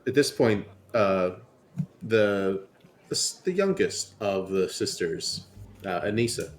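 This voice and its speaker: Low-voiced man as game master. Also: animated, takes it slowly. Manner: loose, conversational narration with fillers. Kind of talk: narrating a tabletop game.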